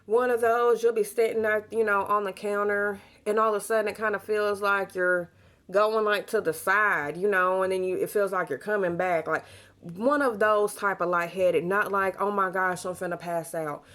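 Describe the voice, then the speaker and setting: A young adult woman, a pregnant vlogger, chats casually to camera, telling stories in a warm, talkative way with bits of Southern slang. She has a medium pitch, fairly even intonation and a moderate pace.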